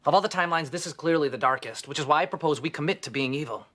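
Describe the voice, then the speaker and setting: A theatrical schemer, rattling off grand plans at breakneck speed. His voice sits a little high and never slows down. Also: a bit bright. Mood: grandly scheming. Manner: rapid, theatrical declaring. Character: scheming young man, mock-grand, proposing evil.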